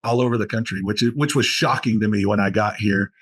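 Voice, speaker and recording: A man from Boston, guest on a podcast interview, talking about his college aviation program with enthusiastic, animated storytelling. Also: lowish voice, fast, breathy edge.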